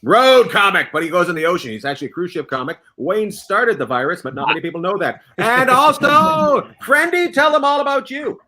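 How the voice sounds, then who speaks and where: A man's voice: sits high, very animated, quick pace, few pauses, bright, forceful tone. A man hosting an online comedy panel show over a video call, laughing often and hyping up his guests. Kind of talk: playful game-show hosting.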